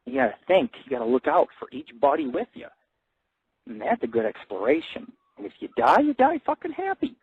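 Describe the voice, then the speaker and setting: Man, radio host, profane live monologue, excitable, animated, dry tinny phone audio. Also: fairly quick, slightly rough, no room sound. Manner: rambling, crude, swearing constantly; excitable, jumps high in pitch on emphasis. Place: hotel in a big city.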